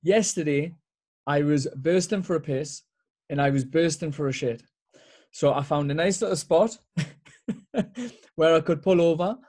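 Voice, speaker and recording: A man's voice: on the high side, measured pace, pauses often, darkish tone. A young man with a Geordie accent, co-hosting a podcast and telling crude stories with a laugh. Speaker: podcast co-host. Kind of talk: casual chat.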